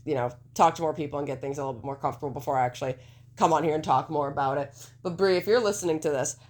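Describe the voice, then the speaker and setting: A woman's voice: on the low side, a little mellow. A woman co-hosting a podcast in casual chat, rambling and laughing, swearing freely, a little congested. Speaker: podcast co-host.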